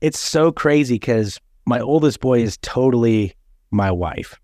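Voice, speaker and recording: A man's voice: medium pitch, lively intonation, unhurried, darkish tone, no room sound, clean studio sound. A man in his thirties hosting a podcast, chatting casually and bluntly, swearing freely as he tells stories. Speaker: podcast host. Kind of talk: casual chat.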